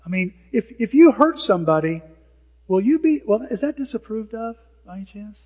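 A male pastor preaching a sermon in an animated way, acting out the lines of people who mock. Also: high-pitched, a little fast, husky. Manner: animated, acts out hecklers' lines. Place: church sanctuary. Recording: dull sound with long hall reverb.

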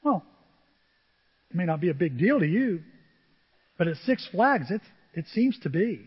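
A middle-aged man preaching a sermon, telling humorous stories with animated asides to the congregation. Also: high-pitched, measured pace, slightly rough. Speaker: pastor. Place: church sanctuary. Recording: dull reverberant church recording.

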